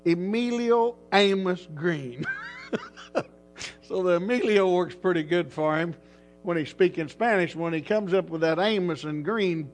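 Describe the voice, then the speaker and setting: A man's voice: on the high side, a little hiss or hum. A man who is a pastor, telling a folksy, rambling story in a casual way and chuckling often.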